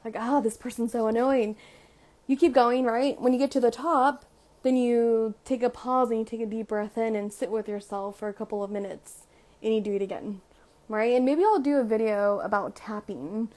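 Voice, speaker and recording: Young woman vlogger, casual self-help chat, a bit high-pitched, loose and talky. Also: fairly even intonation, normal speed, darkish tone. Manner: chatty, fills with "like" and "right?".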